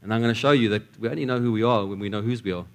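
A man's voice: on the low side, very fast. A man preaching a sermon in a church, telling stories and often repeating words as he restarts his sentences.

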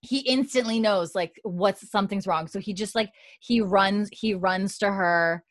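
A chatty woman walking through an episode's scenes, full of fillers and casual swearing. Her voice sits mid-pitch, recorded close and very dry. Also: a little slow, no room sound. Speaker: podcast co-host.

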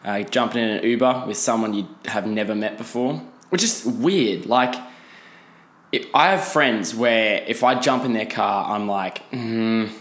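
A man's voice: on the low side, measured pace, a bit bright. A young Australian man telling a casual story in a rambling, sweary way, often cutting himself off mid-sentence. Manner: rambling, sweary, self-interrupting. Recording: roomy echo.

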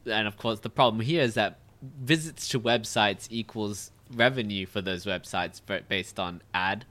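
A man's voice: fairly low pitch, moderate pace, bright, forceful tone. A man in casual conversation, talking in a rambling way with many fillers and restarts. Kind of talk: casual chat.

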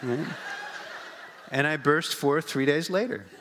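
A man's voice: fairly high pitch, slow pace, fairly bright tone, a little hiss or hum. A man preaching a sermon as pastor, in a conversational, humorous way, often asking the congregation questions.

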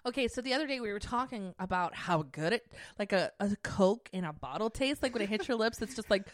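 A young woman chatting casually as co-host, playful and quick to laugh. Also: mid-range voice, animated. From Southern Oregon, US. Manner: bubbly, playful, laughs often. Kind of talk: casual chat.

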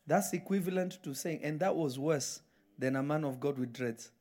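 A man's voice: on the high side, moderate pace, darkish tone. A man preaching a live sermon in church, emphatic and firing repeated questions at the congregation. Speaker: pastor.

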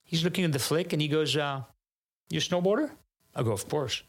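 A man from France with a French accent, a native French speaker, telling a story as a podcast guest in a lively way that acts out both sides of each conversation and often restarts his sentences. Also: fairly high pitch, fairly quick. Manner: animated, acts out dialogue, frequent restarts. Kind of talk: casual storytelling.

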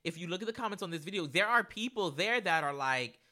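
Bright, high-pitched sassy man. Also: quick pace. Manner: animated, sassy, laughs a lot. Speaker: podcast co-host. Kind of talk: casual chat.

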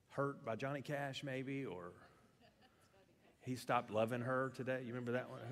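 A middle-aged man preaching a sermon as pastor, in a lively, conversational way with frequent restarts. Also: mid-range voice, long reverb tail.

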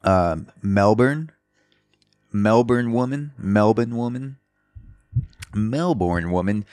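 A man's voice: low-pitched, no room sound. A man hosting a casual solo podcast, riffing loosely and profanely on news stories from his apartment. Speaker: podcast host. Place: apartment in a city building, indoors. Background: construction drilling outside.

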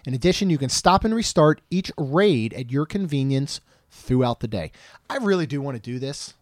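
A man's voice: mid-range voice, lively intonation, moderate pace, no room sound, studio quality. A man in his thirties co-hosting a podcast, chatting casually and joking, rambling with frequent restarts. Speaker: podcast co-host.

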